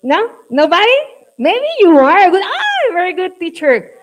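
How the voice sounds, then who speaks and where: A woman with a Mexican accent leading a teacher workshop, speaking slowly and coaxing the group along. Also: extremely high pitch, very animated, poor audio. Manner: slow, coaxing, checks on the group often. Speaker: teacher trainer. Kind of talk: classroom workshop.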